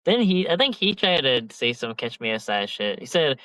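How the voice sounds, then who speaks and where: A young man talking loosely on a podcast, rambling through slang, swearing and a lot of filler. His voice sits at an ordinary middle pitch. It is recorded close and dry, with almost no room sound. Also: big pitch swings, normal speed, bright, forceful tone, no room sound, poor audio. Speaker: podcast host. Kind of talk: casual chat.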